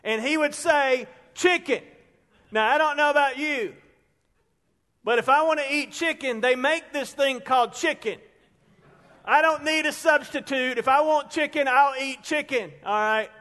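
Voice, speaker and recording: A man preaching a storytelling sermon as a pastor, chatty and conversational, building his stories up to loud peaks. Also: very high-pitched, moderate pace. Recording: long reverb of a large hall.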